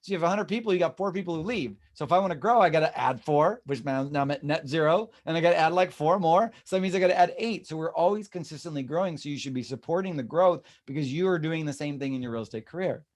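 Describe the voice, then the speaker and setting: A man's voice: a little high, fast, hardly any pauses. A man leading a real estate team meeting, talking animatedly and acting out the people he quotes. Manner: animated, acts out quoted voices.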